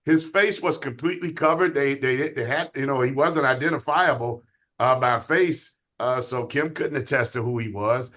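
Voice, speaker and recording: A man speaking as a police guest on an interview podcast, measured and reflective, with hesitant fillers. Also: medium pitch, bright, forceful tone. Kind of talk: conversational interview.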